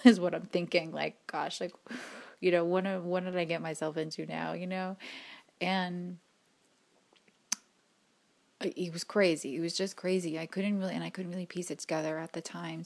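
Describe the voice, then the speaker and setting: A woman speaks in a fairly low register with a lot of fry in her voice. She tells a personal spiritual story to her viewers, looping back, restarting her sentences and sometimes dropping to a near whisper. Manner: rambling, restarts, many fillers, drops to a whisper at times. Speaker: spiritual reader and vlogger.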